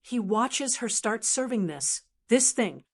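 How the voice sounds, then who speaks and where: A woman's voice: fairly high pitch, expressive, slow pace. An older woman narrating a first-person family story in a reflective, emotional way.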